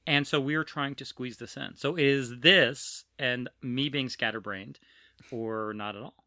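A woman's voice: rumbling low, unhurried, bright, forceful tone, dry recording. A trans woman hosting a podcast in casual, scatterbrained, self-mocking chat. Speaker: podcast host.

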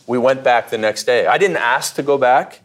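A man's voice: medium pitch, normal speed. A man from the United States, a podcast guest, telling stories casually and acting out what people said, with many restarts. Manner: animated, repeats and restarts, acts out quotes. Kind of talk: casual interview storytelling.

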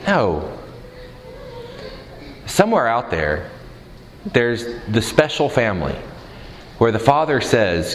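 A man's voice: medium pitch, wildly swooping pitch, takes it slowly, pauses often, long reverb tail, slight background noise, poor audio. A man preaching a sermon in a conversational way, asking the crowd questions and mixing in humor.

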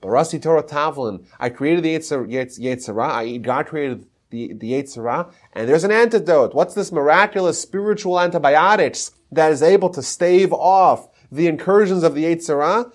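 A man's voice: a little high, moderate pace, few pauses. A man giving a podcast lecture on Talmud history, teaching emphatically and mixing in Hebrew terms.

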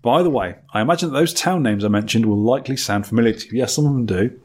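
A man's voice: medium pitch, racing, darkish tone. A man hosting a casual podcast, quizzing his co-host with teasing remarks and reading out listener mail. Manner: teasing quizmaster, reads listener mail aloud.

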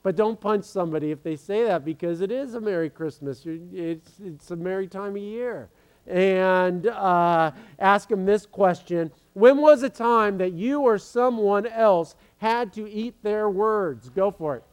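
A pastor talks to his congregation in a loose, joking sermon, full of "uh"s and restarts. His voice sits high for a man. It is smooth and clear. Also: unhurried. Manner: joking, chatty, many fillers and restarts.

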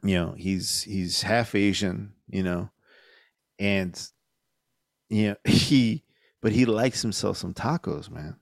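A middle-aged man with a gravelly voice chats loosely on a podcast, swearing freely and getting animated as he tells stories. The sound is close and dry. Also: lowish voice, takes it slowly, no echo. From Mexican-American. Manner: profane, animated storytelling. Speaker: podcast host. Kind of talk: casual chat.

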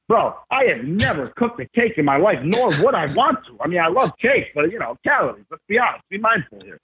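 A man telling stories as a podcast guest, animated and emphatic, with slangy casual talk. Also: high voice, quick pace, husky. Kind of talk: casual storytelling. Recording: tinny phone-like remote line.

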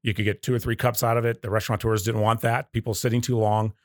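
Low-voiced man telling stories. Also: level tone, fast talker, dry recording, studio quality. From Southern United States. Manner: storytelling, acts out customer quotes. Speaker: guest, coffee company leader. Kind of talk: casual podcast interview.

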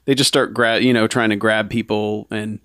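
A man's voice: fairly low pitch, flat delivery, normal speed, fairly bright tone, no room sound, studio quality. A man chatting casually about a movie, retelling scenes and acting out the characters' lines.

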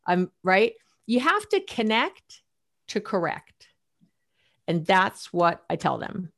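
Middle-aged woman therapist, guest on a show; lively, laughs a lot, plays out her clients' voices. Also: mid-range voice, slow. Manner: animated, laughs often, acts out clients' lines. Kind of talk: casual interview talk.

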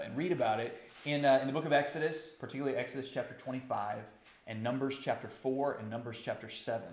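Man, pastor, sermon, mid-pitched voice, impassioned, echoey room. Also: creaky, slight background noise. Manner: animated, rising to impassioned outbursts.

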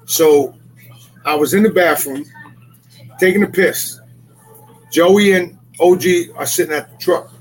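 A man co-hosting a casual podcast chat, telling stories loudly and profanely and acting out what other people said. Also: on the high side, measured pace, long pauses, slight background noise, rough recording. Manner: boisterous, profane storyteller acting out dialogue. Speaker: podcast co-host.

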